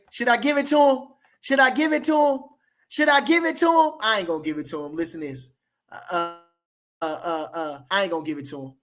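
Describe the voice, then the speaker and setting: Man, AAVE, boxing livestream host. High, bright voice; loose and slangy, repeats lines for emphasis. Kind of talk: casual livestream chat reading comments.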